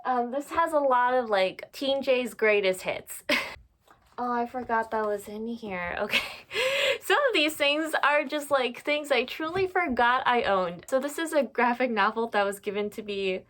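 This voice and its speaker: A young woman in her twenties chats at home about her books, her voice sitting a little high. She is candid and self-mocking, laughs often and lets the odd swear slip. It is recorded on her phone beside her shelves. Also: animated, moderate pace, fairly bright tone. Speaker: book vlogger. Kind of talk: casual chatty vlog. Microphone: phone camera.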